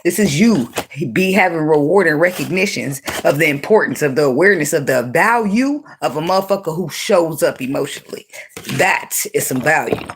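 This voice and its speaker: A woman giving an unscripted tarot reading in a blunt, profane, animated way, breaking into laughs often. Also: low-pitched, a little fast, slightly rough. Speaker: tarot reader.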